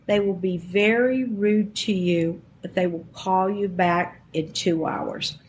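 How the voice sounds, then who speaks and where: A woman in her sixties from Alabama tells her story as an interview guest, lively and quick to act out what others said. Her voice sits at an ordinary middle pitch, with a faint hiss of noise underneath. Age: 60s. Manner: animated, acts out quoted dialogue. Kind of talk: personal storytelling.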